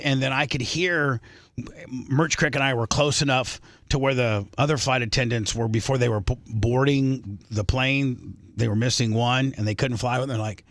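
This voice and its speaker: A man hosting a radio talk show with a bright, forceful voice. He tells stories in a loose, rambling way and restarts his sentences often. The sound is dry and close to the mic. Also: medium pitch, fairly even intonation, normal speed, dry recording. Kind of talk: casual radio banter.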